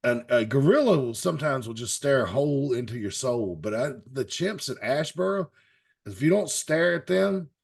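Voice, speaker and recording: A man's voice: medium pitch, animated, moderate pace, gravelly, breathy edge. A man on a wrestling talk panel, telling stories in casual chat and laughing as he acts out quotes. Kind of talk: casual chat, animated storytelling.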